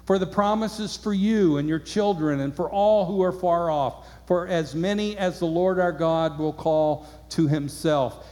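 A man's voice: high voice, a little mellow. A man preaching a sermon, reading scripture aloud and asking his listeners earnest rhetorical questions. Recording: long hall reverb.

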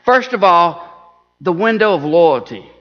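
Male preacher, sermon, earnest, stumbling restarts, high voice, long church reverb, muffled lo-fi sound. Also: big pitch swings, a little slow. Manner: earnest, repeats words and restarts, tells a joke story. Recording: dull lo-fi recording in a reverberant church hall.

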